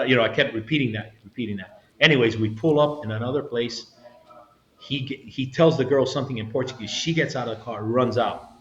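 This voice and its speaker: As an interview guest, a retired federal agent in middle age tells his story with animation, voicing the quotes himself and restarting sentences often. He talks fairly quickly at medium pitch, captured in roomy, slightly dull audio.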